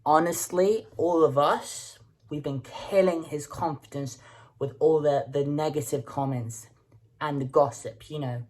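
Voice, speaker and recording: Woman, reaction host, casual commentary, very low voice, husky tone, repeats words mid-thought. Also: steady tone, mellow. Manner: halting, repeats words while thinking aloud. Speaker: music reaction video host.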